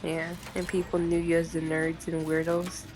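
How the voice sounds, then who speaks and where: A woman's voice: low voice, monotone, moderate pace. A woman chatting casually on a stream, blunt and teasing, rambling with many fillers. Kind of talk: casual chat.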